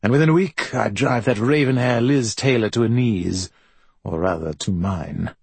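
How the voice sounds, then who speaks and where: A man voicing a boisterous, profane middle-aged male film star with a Welsh accent and a husky voice, swaggering and rambling. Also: medium pitch, moderate pace, a little mellow, no echo. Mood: scornful. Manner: brash, swaggering, rambling storyteller.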